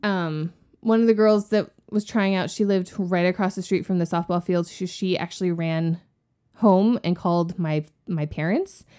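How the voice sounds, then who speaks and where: A woman in her forties, a podcast cohost, telling a story in a casual, animated way and acting out what people said. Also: lowish voice, normal speed, clean tone. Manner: animated, acts out quoted voices with gasps.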